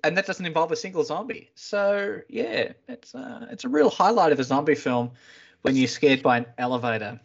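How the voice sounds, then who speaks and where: A man with a fairly high, lively voice trades wry jokes in a casual film-review podcast. He acts out scenes in quick little asides between comments. His audio sounds dull and lo-fi. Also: creaky. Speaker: podcast co-host.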